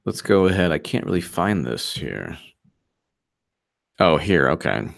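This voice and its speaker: A man hosting a live political commentary stream, talking fast and animated, repeating himself and mocking opponents. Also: deep voice, gravelly. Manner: animated, repetitive, mocking quoted voices.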